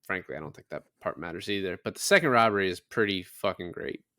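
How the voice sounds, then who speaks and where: A man's voice: sits low, expressive, fast talker, sharp tone, dry recording, clean studio sound. A man co-hosting a podcast, casually recapping a film and swearing freely as he talks. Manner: loose, swears freely, acts out quotes from the film. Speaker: podcast co-host.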